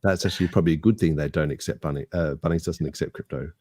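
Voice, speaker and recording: A man's voice: rumbling low, racing, darkish tone, no room sound, clean studio sound. An Australian man co-hosting a podcast in casual banter, rambling and joking at his own expense. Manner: jokey, rambling, self-mocking. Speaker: podcast co-host.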